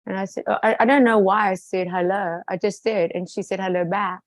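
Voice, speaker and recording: A South African woman chatting in a lively way and acting out the people in her stories. Her voice sits in a middle pitch. It is recorded close and dry, with no room sound. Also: brisk, dry recording, poor audio. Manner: lively storyteller, quotes people in different voices. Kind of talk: casual chat.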